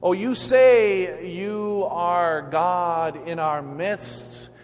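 A man's voice: high-pitched, very slow, voice pushed up. A man voicing a doubting adult male disciple who pleads in an agitated, raised voice. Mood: anxious. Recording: echoey hall, faint hum.

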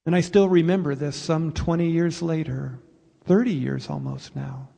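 A man preaching a sermon as pastor, speaking earnestly and explaining with pauses. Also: fairly high pitch, creaky, dark tone. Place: church sanctuary. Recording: reverberant church hall.

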